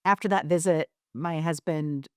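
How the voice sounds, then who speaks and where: Low, smooth-voiced woman telling her story. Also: normal speed, dry recording, studio quality. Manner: rambling, with many fillers and restarts. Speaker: podcast guest. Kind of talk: candid storytelling interview.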